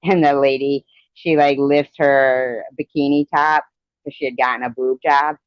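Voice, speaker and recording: A woman's voice: very deep voice, steady tone, a little slow, clean tone, no room sound, dull audio. A woman hosting a live stream, chatting casually and rambling about old movies she remembers. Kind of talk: casual chat.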